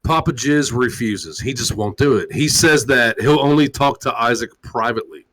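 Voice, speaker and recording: A man's voice: moderate pace, rough recording. A man hosting a call-in live stream, ranting in a crude, mocking way with constant swearing. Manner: loud, mocking and crude, swinging widely in pitch. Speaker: talk show host. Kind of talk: profane live-stream rant.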